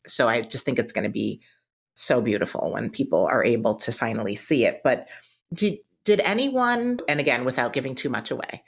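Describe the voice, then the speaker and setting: Very low-voiced woman host. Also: creaky. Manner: warm, affirming with frequent "mm-hmm" and "right". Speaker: podcast host. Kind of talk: casual interview chat.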